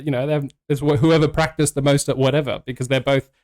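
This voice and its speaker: A man's voice: mid-range voice, fairly even intonation, fast, a little mellow. A man, a podcast guest talking casually and rambling through hypotheticals with lots of restarts.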